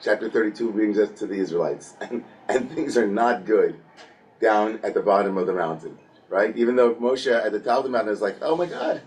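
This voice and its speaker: Lively man teaching a Torah class. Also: fairly low pitch, fairly quick, recorded from a distance. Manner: lively storytelling, playfully acts out biblical characters, frequent restarts. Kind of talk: casual Torah study class.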